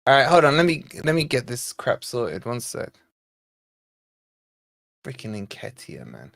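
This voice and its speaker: A man's voice: medium pitch, huge pitch swings, measured pace, gravelly, a bit bright. Ranting young man on a live stream. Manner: ranting, exasperated, reacting to live chat. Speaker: fan channel host. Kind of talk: live football watch-along chat.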